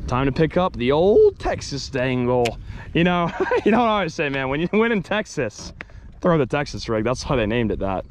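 A young man hosting a fishing vlog outdoors, joking and excitable, shouting when a fish is on. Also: fairly high pitch, moderate pace, a little hiss or hum. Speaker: fishing video host. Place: outdoors on the water.

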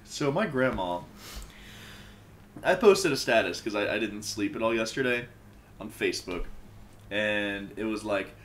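Guy rambling and joking over a game, super animated voice, lots of likes and uhs, bit of hiss. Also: on the low side, measured pace, pauses often. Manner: animated, jokey, rambling with fillers. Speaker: let's play host. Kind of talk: casual gameplay chat.

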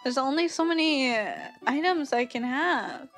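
Woman streamer, high voice, chatty wry commentary, soft music underneath. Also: lively intonation, moderate pace. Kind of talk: casual gameplay commentary.

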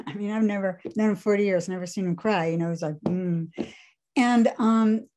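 A woman on a video call asking a personal question, earnest and halting, with nervous laughs. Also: mid-range voice, darkish tone.

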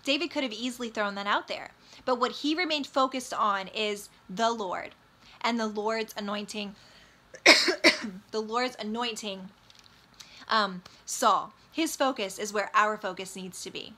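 Earnest woman with a bright voice. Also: mid-range voice, unhurried. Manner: earnest, emphatic. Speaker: Bible teacher. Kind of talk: Bible study teaching.

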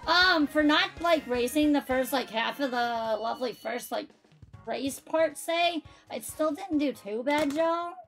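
Her voice sits high, a bit bright, and she speaks a little slowly. During her racing-game live stream, she chats in a bubbly way with friends and viewers, laughs often, and has music playing in the background.

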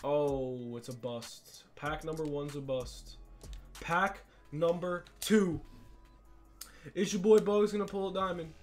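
Young man, gaming commentary, excitable, frustrated, slightly high voice, faint background music. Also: slow pace. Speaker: gaming YouTuber. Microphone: desk mic with face cam.

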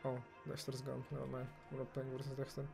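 A young man commentating on his own gameplay, excitable and foul-mouthed, swinging from muttering to yelling and ranting. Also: mid-range voice, fast, gravelly, over music. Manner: excitable, swears, rants, swings from mumbling to yelling. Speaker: gamer streamer.

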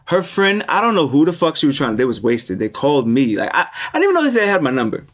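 A man's voice: a little high, quick pace. A young man hosting a podcast, telling a story casually, swearing freely and voicing the people in it. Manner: animated storyteller, swears freely, voices people in his stories. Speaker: podcast host.

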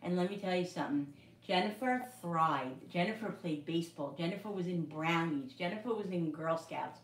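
A woman's voice: lowish voice, normal speed, far from the mic, a little hiss or hum. Middle-aged woman, rambling in an echoey kitchen. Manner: rambling, repetitive storytelling with many restarts. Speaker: cooking livestream host. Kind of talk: casual chat while cooking. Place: home kitchen. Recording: echoey room, voice away from the mic.

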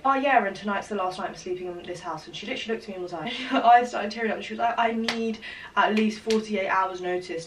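A young woman in her twenties doing a bubbly, casual try-on haul, chatting constantly with lots of "like" and "literally". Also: medium pitch. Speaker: fashion vlogger. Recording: roomy, distant camera audio with light hiss.

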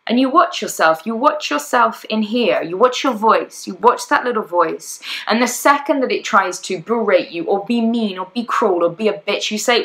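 Bright-voiced, blunt woman life coach. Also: mid-range voice, normal speed, poor audio. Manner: blunt, animated, acts out inner voices. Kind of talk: podcast monologue.

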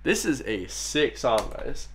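A man's voice: medium pitch, big pitch swings, slow, slight background noise. A man with an Irish accent hosting a reaction video in a casual, chatty way, often laughing and calling his viewers guys and bro. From Ireland.

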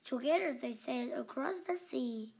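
A woman reading a children's story aloud in a slow, expressive storytelling manner. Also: high voice, creaky. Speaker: narrator.

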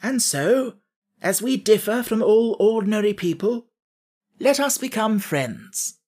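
A man's voice: high voice, lively intonation, unhurried, a little mellow, voice pushed up. A man voicing a vain, touchy straw king who lectures in a grand manner, in a storybook audiobook. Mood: lecturing. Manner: grand, lecturing, easily flustered. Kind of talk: audiobook character voice.

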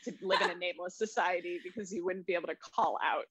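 A woman's voice: fairly low pitch, steady tone, fairly bright tone, husky. A young adult woman co-hosting a podcast, joking playfully in casual chat. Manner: playful, joking, quick asides. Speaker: podcast co-host. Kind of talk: casual chat about a film.

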